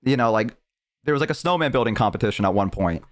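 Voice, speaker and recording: A man's voice: mid-range voice, lively intonation, quick pace. A male streamer chatting casually, rambling on tangents as he tells a long story. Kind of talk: casual chat.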